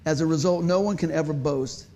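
A man's voice: a little high, fairly quick, mellow, a little hiss or hum. A man preaching a sermon, telling a folksy story and joking with the congregation. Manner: folksy, conversational, joking with the audience.

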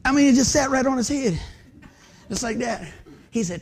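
A pastor with a high voice preaches in an animated, storytelling style. He drops to hushed asides, then bursts into excited exclamations. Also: moderate pace, a little hiss or hum. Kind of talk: lively storytelling sermon.

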